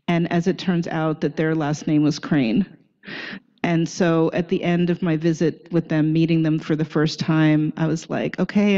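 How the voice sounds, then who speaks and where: A woman author in her sixties speaks frankly about her own life to an audience, pausing and restarting often. Her voice is mellow and low in brightness. The audio is somewhat dull, as if recorded off a room system. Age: 60s. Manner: candid, halting, with frequent restarts. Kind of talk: book talk with slides.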